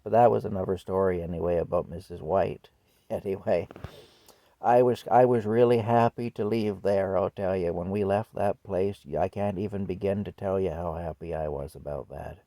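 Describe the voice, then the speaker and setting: A man telling a personal story from his childhood in a conversational, reflective way, with soft laughs here and there. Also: low voice, moderate pace, no echo.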